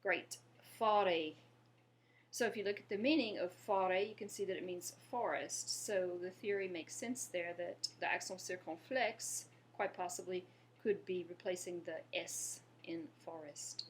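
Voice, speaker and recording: A woman giving an online French lesson, patiently modeling words and pausing for the listener to repeat them. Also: lowish voice, a little hiss or hum. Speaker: French teacher.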